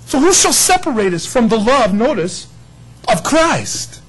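A man's voice: very high voice, very animated, measured pace, slightly rough, poor audio. A man preaching a sermon, telling stories with laughter and acted-out quotes. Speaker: pastor.

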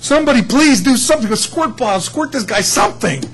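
A man's voice: extremely high pitch, lively intonation, quick pace, faint music behind, voice pushed up. A man parodying a flustered male churchgoer who frantically fusses over a last-minute baptism. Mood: frantic. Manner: frantic, mocking.

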